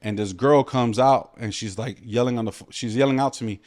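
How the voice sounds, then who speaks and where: A man from New City, telling stories as a guest in a casual podcast chat, animated and full of street slang. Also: mid-range voice, a little fast. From New York City.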